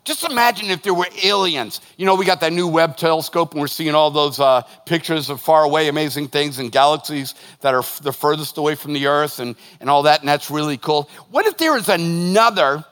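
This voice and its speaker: A man, a pastor preaching a sermon, lively and joking as he tells stories to his congregation. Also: a little high, brisk, hardly any pauses. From northern United States. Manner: lively, joking, animated storytelling. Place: church hall. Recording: long hall reverb.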